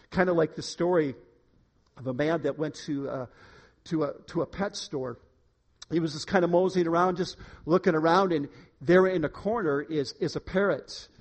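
A man preaching a sermon in a church room, emphatic, swinging between quiet and loud. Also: a little high. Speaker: pastor.

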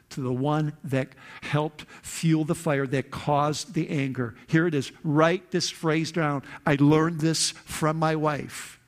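A middle-aged man preaches to a congregation in a church hall. His voice sits a little high. He slows down to speak softly and gently, then rises suddenly into loud, high-pitched bursts. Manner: swings from soft, slow confiding to loud, high outbursts. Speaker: pastor. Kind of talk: sermon.

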